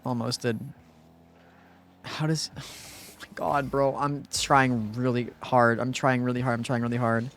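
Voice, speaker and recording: A man's voice: medium pitch, unhurried, long pauses, a little hiss or hum. A young man streaming a game live, talking casually to his chat and teammate, muttering and then bursting into frustrated outbursts. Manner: swings between muttered calm and frustrated outbursts. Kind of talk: live gameplay streaming commentary.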